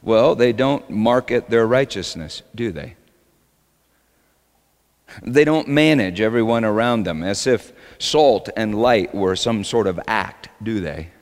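A man preaching a sermon as pastor, swinging between loud emphatic lines and quiet asides. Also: lowish voice, expressive, slow, long reverb tail.

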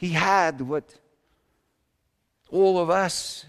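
A man's voice: high-pitched, drawn-out words, in a large hall, full character voice. A man playing Joseph, folksy chuckling carpenter. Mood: reflective. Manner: folksy, chuckling storyteller, loose grammar. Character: Joseph, humble folksy carpenter father, middle-aged. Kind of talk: first-person dramatic monologue.

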